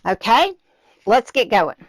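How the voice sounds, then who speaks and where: A woman's voice: on the high side, sing-song, slow pace, slight background noise. A middle-aged woman hosting a live craft demonstration, chatting directly to her viewers and slightly out of breath. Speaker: craft tutorial host.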